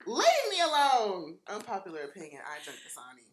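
A woman's voice: medium pitch, sing-song, a little fast, fairly bright tone. A woman co-hosting a casual chat, playful and laughing often. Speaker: podcast co-host.

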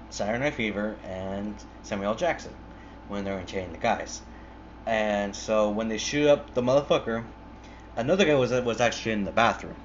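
A young man with a lowish voice retells a movie in a loose, rambling way. He swears freely and fills every gap with "like" and half-started words. The recording is muffled and lo-fi, with a faint hiss behind him. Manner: rambling, profane, full of "like" and restarts.

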